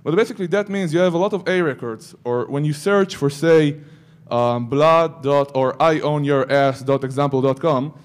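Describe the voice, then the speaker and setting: A man's voice: fairly high pitch, normal speed, hardly any pauses. A man giving a security conference talk, breaking into joking asides to the audience. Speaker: conference speaker.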